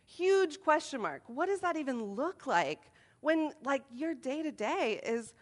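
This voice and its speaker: A woman in her thirties with a fairly high voice addresses a group of moms. She tells stories in an animated, self-mocking way and keeps the room laughing. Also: unhurried. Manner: animated, self-deprecating storytelling. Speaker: speaker at a moms' meeting. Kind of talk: humorous talk to a group.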